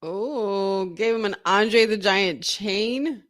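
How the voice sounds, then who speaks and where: A woman hosting a live wrestling watch-along from her room at home, excitable and swearing as she talks to her chat. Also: medium pitch, very slow. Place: room at home with windows open.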